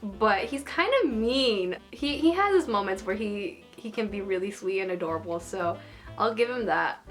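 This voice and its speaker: A woman's voice: medium pitch, lively intonation, normal speed, soft background music. A young woman chatting casually as she ranks anime characters, gushing and giggling, with lots of "like" and filler. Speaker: anime vlogger. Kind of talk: casual chat, ranking characters.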